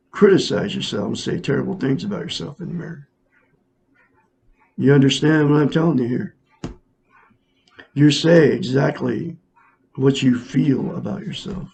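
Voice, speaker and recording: A man's voice: medium pitch, vocal fry, darkish tone. A man hosting his own self-help video, talking earnestly and repetitively to his viewers. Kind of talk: casual monologue to camera.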